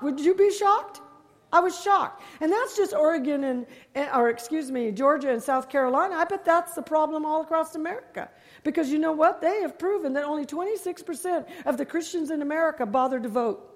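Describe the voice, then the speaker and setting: A woman with a high voice preaches a testimony-style sermon as a visiting speaker. She presses each point hard, repeats phrases and fires rhetorical questions at the congregation. Her voice rings out with a long reverb from a large church hall. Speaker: guest preacher.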